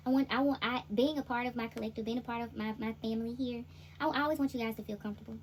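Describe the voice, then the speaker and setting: A woman's voice: on the high side, fairly even intonation, rapid-fire, a little hiss or hum. A woman with a Southern US accent giving a chatty, laughing, slangy tarot reading. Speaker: intuitive tarot reader.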